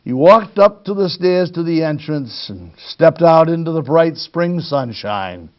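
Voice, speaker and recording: Male storytime reader, slow and expressive, gravelly, dull lo-fi recording. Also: fairly high pitch. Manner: expressive, addresses young listeners. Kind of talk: children's read-aloud.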